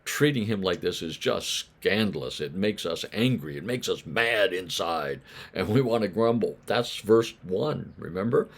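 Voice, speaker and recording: A man's voice: sits low, expressive, a little slow. A man preaching a daily Bible devotional in a conversational way, asking his listeners questions and acting out the voices of grumbling neighbors.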